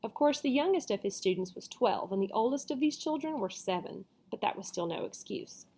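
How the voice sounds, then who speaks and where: A woman reading a storybook chapter aloud, with casual asides and quick self-corrections. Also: on the high side, lively intonation, dark tone. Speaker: reader.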